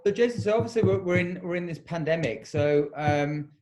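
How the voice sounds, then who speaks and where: A man hosting a podcast in casual chat, agreeable and quick to back up his guest. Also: fairly high pitch, a little mellow, slight background noise. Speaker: podcast host.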